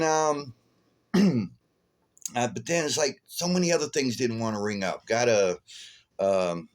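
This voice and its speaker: A tired man vlogging, telling a rambling, chuckling story full of fillers. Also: medium pitch. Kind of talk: casual storytelling.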